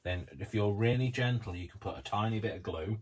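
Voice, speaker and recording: A man's voice: fairly low pitch, fairly quick. A man hosting a live craft tutorial, talking casually through each step with rambling, self-mocking asides. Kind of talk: live-streamed craft demonstration.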